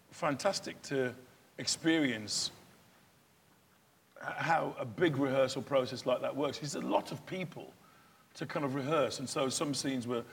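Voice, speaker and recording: A man's voice: mid-range voice, a little hiss or hum. A male stage actor talking in an interview, chatty and self-deprecating, often restarting his sentences. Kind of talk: interview chat.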